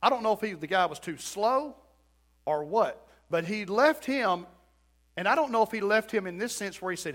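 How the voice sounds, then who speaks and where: A man's voice: high voice, animated, moderate pace, fairly bright tone. A middle-aged male pastor preaching a storytelling sermon in a church, acting out quotes and building to emphatic points.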